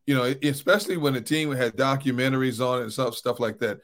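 A man's voice: mid-range voice, fast talker. A man co-hosting a sports talk show, chatting casually and animatedly about football, often tossing in "man". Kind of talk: casual sports radio chat.

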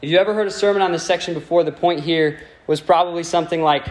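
A man's voice: on the high side, steady tone, quick pace. A man preaching a sermon to a congregation, speaking in a conversational, playful way and putting questions to his listeners.

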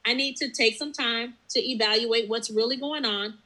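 Woman, business owner, bright clear tone, slightly high, earnest, reflective. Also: normal speed, poor audio. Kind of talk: interview conversation.

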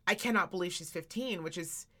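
A woman in her thirties with a lowish, sharp-toned voice talks briskly as a podcast co-host. She chats casually and candidly, swearing plenty while telling family stories.

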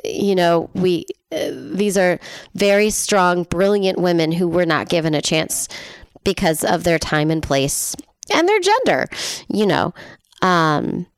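A woman's voice: lowish voice, sing-song, slow pace, smooth, no room sound, studio quality. A woman co-hosting a podcast in casual chat, telling stories, chatty and laughing often. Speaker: podcast co-host.

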